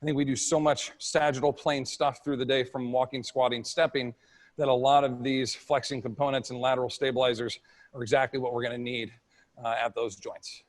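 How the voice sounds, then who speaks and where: A man's voice: mid-range voice, flat delivery, brisk, poor audio. A man presenting at a live fitness workshop and answering questions in a casual, practical way.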